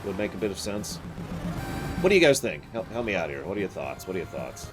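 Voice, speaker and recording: Male streamer, low voice with big swings, self-deprecating, game music underneath. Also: fast. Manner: self-deprecating, animated outbursts while playing. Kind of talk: casual live-stream gameplay chat.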